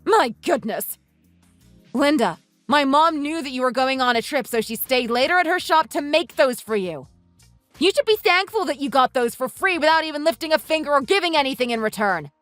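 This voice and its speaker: A woman's voice: high-pitched, lively intonation, moderate pace, a bit bright, no echo, faint music behind. A woman voicing an indignant young wife in a voiced texting story, scolding in an earnest, exasperated way. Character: indignant young wife defending her family.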